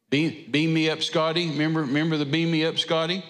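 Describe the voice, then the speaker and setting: A man's voice: on the high side, level tone, normal speed, a bit bright. A man preaching a sermon, telling a Bible story in a folksy way. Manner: folksy storytelling with drawled asides. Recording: echoey hall reverb.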